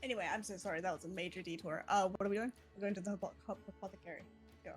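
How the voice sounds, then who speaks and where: A young woman chats loosely during a streamed tabletop game, laughing often and swearing freely as she wanders off topic. Her pitch sits in an ordinary middle range. Faint music plays in the background. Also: fairly even intonation, racing. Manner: giggly, rambling, swears freely. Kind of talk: casual streamed game chat.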